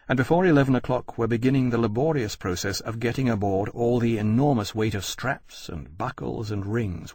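Brief: male narrator, husky, mid-pitched, dry booth. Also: no room sound. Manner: measured, steady storytelling. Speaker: audiobook narrator. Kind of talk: scripted narration.

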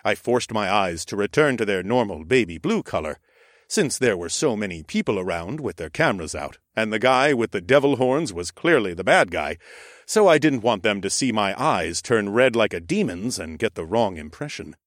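A man narrating a first-person audiobook in an expressive, sardonic storytelling manner. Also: on the low side, moderate pace, no echo, studio quality.

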